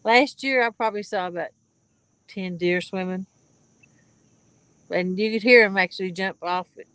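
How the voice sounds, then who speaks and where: A woman's voice: medium pitch, normal speed, fairly bright tone, clean tone, dry recording, poor audio. A woman streaming live from a pontoon boat outdoors, chatting casually with viewers in a laid-back way and greeting them by name.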